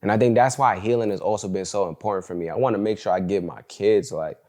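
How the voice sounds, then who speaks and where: A young man hosts a solo podcast in a slightly low voice. He talks in a loose, candid, slangy way and keeps "bro" and "like" running through his stories. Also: fast, dark tone. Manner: candid, slangy storytelling, fills talk with "bro" and "like". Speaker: podcast host. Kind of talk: casual solo podcast monologue.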